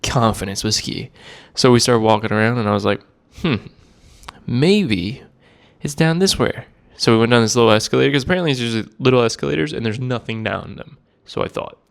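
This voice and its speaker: Laid-back young man, smooth clear voice. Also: medium pitch, fast talker, few pauses. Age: 20s. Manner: rambling, laid-back, self-deprecating storytelling. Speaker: cigar vlogger. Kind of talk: casual chat to camera.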